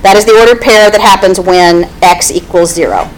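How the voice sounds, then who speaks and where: A woman's voice: medium pitch, normal speed, a little hiss or hum, low-quality recording. A woman teaching a math class, explaining step by step and often checking in with "okay?". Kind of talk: classroom lecture.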